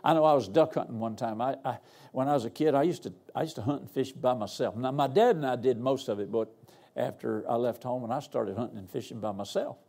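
A man's voice: medium pitch, fast, mellow. An older man, a guest pastor preaching a sermon in a folksy, humorous, storytelling way. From Arkansas. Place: church.

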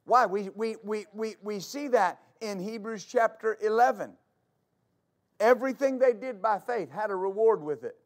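A fervent male pastor preaching with a notably high-pitched voice. He repeats his key phrases, stumbles into quick restarts, and calls for answers from the congregation. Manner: call-and-response with congregation. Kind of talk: preaching a sermon.

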